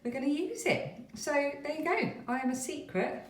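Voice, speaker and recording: A woman's voice: high-pitched, animated, moderate pace. A British woman vlogging at home, chatting casually to the camera and rambling with frequent laughs. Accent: British English. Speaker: craft vlogger. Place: home, bedroom and bathroom.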